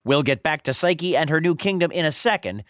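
A man hosting and narrating a story in an expressive, playful manner. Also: on the high side, fairly quick, background noise. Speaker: host and narrator.

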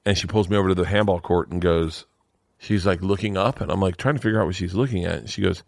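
Low-voiced man telling a story. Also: quick pace, vocal fry, no room sound, studio quality. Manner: animated storyteller, acts out quotes in raised voices. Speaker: guest comedian. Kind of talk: casual storytelling chat.

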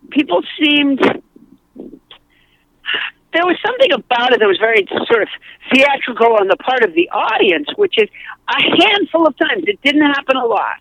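Comedian guest, woman, gravelly and lively, rambling storyteller. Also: sits high, no echo, lo-fi sound. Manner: rambling anecdotal storytelling with many restarts. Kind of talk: casual podcast chat.

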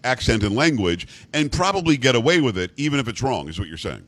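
Animated male talk radio host. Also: mid-range voice, fast. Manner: teasing, animated, mock-indignant.

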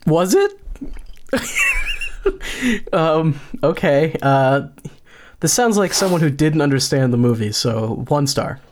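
Deadpan, slow-talking man co-hosting. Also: fairly high pitch, slight background noise. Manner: dry, deadpan jokes. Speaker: podcast co-host. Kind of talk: casual chat.

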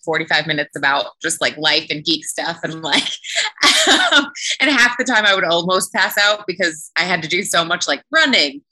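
Bright, chatty woman voice actor. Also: lowish voice. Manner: chatty, laughing, lots of "like". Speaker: voice actor on an after show panel. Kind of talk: casual chat. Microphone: home recording setup.

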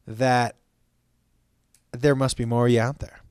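A man's voice: medium pitch, level tone, takes it slowly, long pauses, darkish tone, clear, resonant tone, no echo, studio quality. Rambling, profane male podcast host. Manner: rambling, profane, jokey, with stammered restarts. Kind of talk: casual solo podcast chat.

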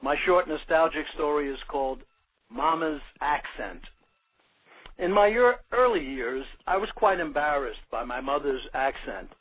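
A man's voice: a little high, expressive, unhurried, breathy edge. An older man from Brooklyn, New York, reading his own short story aloud in a plain, earnest way. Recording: narrow phone-like sound.

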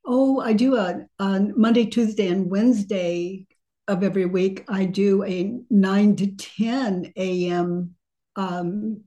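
A woman author and speaker, a guest on a podcast, talking gently in halting, trailing phrases. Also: mid-range voice, steady tone, muffled recording. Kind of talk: casual interview chat.

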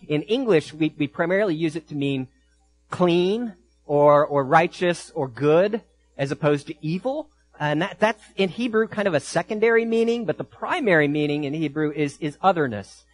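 A man preaching a sermon, often repeating and restarting words and building to loud emphatic peaks. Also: fairly high pitch, slight background noise. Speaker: pastor.

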